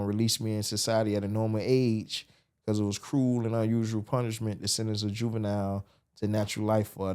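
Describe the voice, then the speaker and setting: A man's voice: fairly low pitch, darkish tone, clear, resonant tone. A man, telling his story as a podcast guest and acting out the voices he quotes. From Miami, USA. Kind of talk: storytelling interview.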